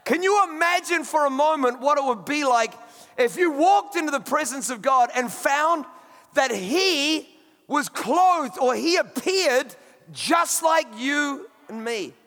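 A pastor preaching a sermon in a conversational, emphatic way, with friendly asides. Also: male voice, very high voice, animated, measured pace, a bit bright, in a large hall.

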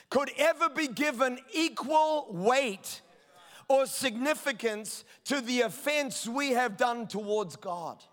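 A male pastor with a strikingly high voice delivers an emphatic sermon, pressing each point hard and at times shouting it out. His voice rings with the long echo of a big hall. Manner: emphatic preaching, rising to shouts. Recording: long reverb of a large hall.

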